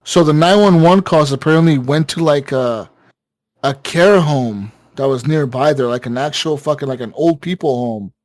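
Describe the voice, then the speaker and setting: A man's voice: on the high side, moderate pace, darkish tone, no room sound. A man casually telling a long story on a gaming podcast, rambling with lots of fillers and swearing. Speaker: podcast co-host.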